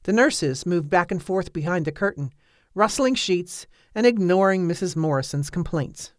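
Brief: woman audiobook narrator, low even read, dead-dry studio sound. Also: no echo. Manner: measured, even storytelling.

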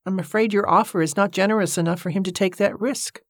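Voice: mid-range voice, steady tone, fast talker, no room sound, studio quality, pitched above the performer's own voice, close to an everyday voice. Narrator doing an eager, coaxing young nephew. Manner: coaxing, placating.

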